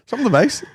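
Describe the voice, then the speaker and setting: A man's voice: no echo, studio quality. A man co-hosting a podcast, bantering crudely and breaking into laughter. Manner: crude, giggly, bursts of laughter. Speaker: podcast co-host. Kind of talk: casual banter.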